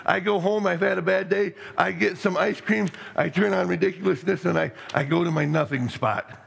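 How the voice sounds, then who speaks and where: A middle-aged man preaching a sermon as pastor, rambling and excitable, with many restarts and stammers. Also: high-pitched, normal speed, creaky. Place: church sanctuary. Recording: long reverb in a hall.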